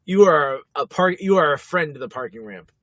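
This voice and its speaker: A man co-hosting a podcast in casual chat, laughing often and filling pauses. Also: fairly high pitch, animated, a bit bright, no echo. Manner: chatty, laughs often, many fillers. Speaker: podcast co-host.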